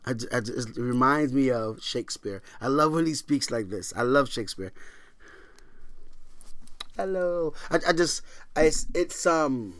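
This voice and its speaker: A middle-aged man preaches a sermon, his mid-range voice swinging between hushed, whispered lines and loud, emphatic declarations. He repeats key phrases for emphasis and reads scripture in old-fashioned wording. The recording is dry, with almost no room sound. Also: medium pitch, animated, unhurried, dry recording. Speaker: pastor.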